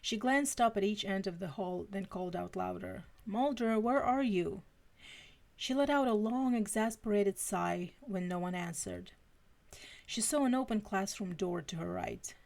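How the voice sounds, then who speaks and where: A woman's voice: mid-range voice, normal speed, vocal fry, a little mellow. A woman reading fanfiction aloud on a live stream, stumbling and restarting now and then. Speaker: fanfiction reader.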